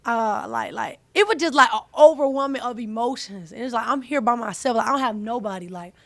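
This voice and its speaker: A woman's voice: fairly high pitch, brisk, creaky, fairly bright tone, no room sound. A young woman, hosting a casual chat, talking animatedly in slang and repeating herself. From US South (Atlanta). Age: young adult. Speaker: host, college athlete.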